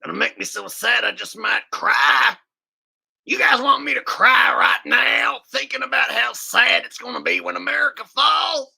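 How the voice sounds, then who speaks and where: A man doing a comedic impression of a ranting, gravelly male conspiracy show host who shouts and fake-sobs. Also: very high voice, expressive, moderate pace, pitched above the performer's own voice, heavily acted. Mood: sobbing. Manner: bellowing, exaggerated fake crying.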